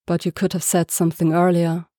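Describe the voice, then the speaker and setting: A woman's voice: medium pitch, level tone, slow, dark tone, no room sound, studio quality, lightly acted. A woman reading the lines of a guarded, weary male ex-soldier in a storybook, tense and clipped.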